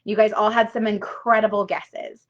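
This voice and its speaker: A woman's voice: mid-range voice, flat delivery, normal speed. A woman coaching a live money workshop, chatty and emphatic, often tagging on "right?" and casual swearing. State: tearful at times. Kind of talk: casual live-stream teaching. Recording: dull lo-fi live-stream audio.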